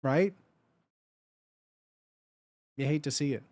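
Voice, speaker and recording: A man's voice: fairly high pitch, slow pace, a little mellow, no room sound. A man in his thirties chatting casually on a livestream, blunt and profane, and laughing often.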